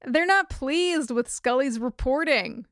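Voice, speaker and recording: A woman's voice: high voice, lively intonation, slow, a bit bright, no room sound. A woman co-hosting a rewatch podcast, recapping the episode with a wry, dry humor. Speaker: podcast co-host. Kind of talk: casual episode recap chat.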